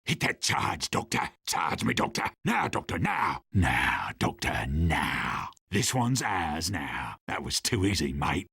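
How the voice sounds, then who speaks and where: A gruff Australian sniper, a laconic marksman who tosses off short boasts. His voice sits very low and gravelly, with a sharp, bright edge and lively swings in pitch. It sounds dry and close. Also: dry recording, heavily acted. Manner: curt boasting battle lines.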